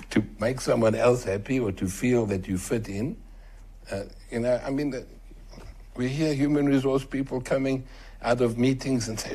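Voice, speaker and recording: An older man, talking earnestly as an interview guest and getting animated when he quotes others. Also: medium pitch, normal speed, slightly rough. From South Africa. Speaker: author and entrepreneur guest. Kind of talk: conversational interview.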